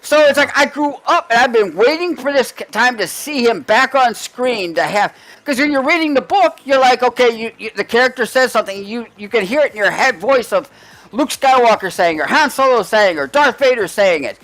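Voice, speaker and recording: Rambling high-voiced man chatting. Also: lively intonation, fairly quick, a bit bright, poor audio. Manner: rambling, restarts often, swears casually. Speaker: podcast co-host. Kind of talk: casual chat.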